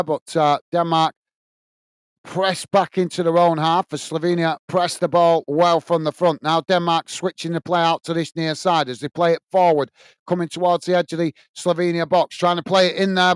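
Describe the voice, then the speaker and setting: Man doing steady play-by-play commentary. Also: a little high, clear, resonant tone, no room sound. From United Kingdom. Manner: steady play-by-play, reads out chat messages, friendly. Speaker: watch-along host and commentator. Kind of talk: live match commentary and chat reading.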